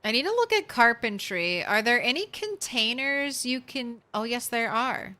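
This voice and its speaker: A woman's voice: on the high side, animated, moderate pace, sharp tone. A woman streamer giving casual, chatty commentary while playing a game, talking to herself and to the game late at night.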